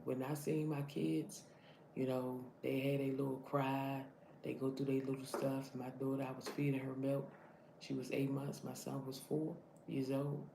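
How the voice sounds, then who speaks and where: Gravelly-voiced earnest woman in her thirties. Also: a bass voice, mellow, reverberant, a little hiss or hum. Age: 30s. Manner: earnest, preachy, repeats "listen to me". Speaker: vlogger. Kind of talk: motivational talk.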